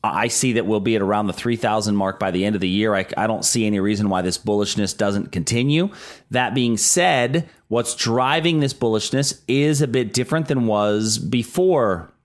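A man's voice: on the low side, moderate pace. A middle-aged man co-hosting a casual talk show, explaining stock market trends with frequent restarts. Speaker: market analyst co-host.

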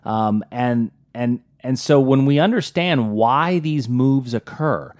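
A man's voice: mid-range voice, animated, takes it slowly, darkish tone. A man from Pittsburgh with a Pittsburgh accent, hosting a casual market talk show in a chatty, joking way with frequent restarts. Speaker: show host.

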